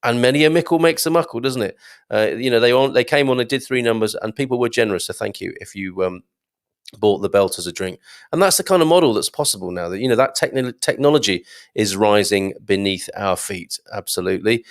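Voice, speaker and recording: A man's voice: on the low side, a little fast. A man hosting a live show, chatting casually and rambling through viewer comments, with many ums and restarts. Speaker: host reading viewer comments. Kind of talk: casual live-stream chat.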